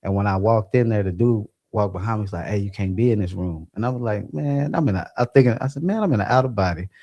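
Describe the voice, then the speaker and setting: Animated laughing man telling a story. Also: fairly low pitch, fast, highs cut off. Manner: animated, laughing, acts out quotes. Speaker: podcast co-host. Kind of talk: casual storytelling.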